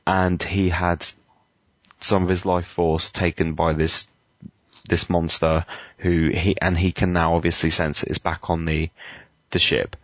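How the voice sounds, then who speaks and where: Deep-voiced man, dry sound. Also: little pitch movement, a little slow, dry recording. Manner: hesitant, critical opinions with many ums and uhs. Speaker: podcast co-host. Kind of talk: casual chat.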